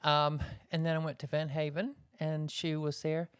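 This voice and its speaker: A woman ventriloquist chatting in an interview with a low, smooth voice. She tells her story in a loose, rambling way and keeps circling back with fillers. Her delivery is relaxed and conversational. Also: moderate pace. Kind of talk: casual interview chat.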